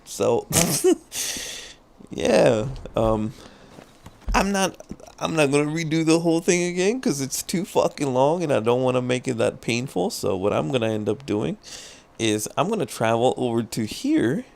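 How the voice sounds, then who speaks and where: A man's voice: mid-range voice, sing-song, unhurried, gravelly, darkish tone. A man streaming live gameplay, commentating, swearing a lot and laughing at his own frustration. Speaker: gaming streamer.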